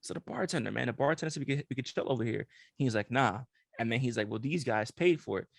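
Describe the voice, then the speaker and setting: A man's voice: medium pitch, lively intonation, fast talker, vocal fry, no echo, clean studio sound. A young man co-hosting a podcast, telling stories in casual slang-filled chat and laughing often. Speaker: podcast co-host.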